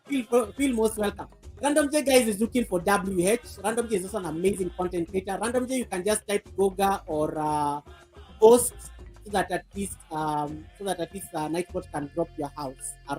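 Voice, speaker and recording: A woman's voice: mid-range voice, breathy edge. A woman hosting a casual live stream, playful and laughing, out of breath after dancing. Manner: playful, laughing, bursts of singing. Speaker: livestream host.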